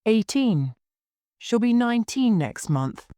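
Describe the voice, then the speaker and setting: A woman's voice: low-pitched, animated, fairly quick, dark tone, dry recording, clean studio sound. A woman reading the part of an urgent, worried young woman pleading for help in a graded story reading.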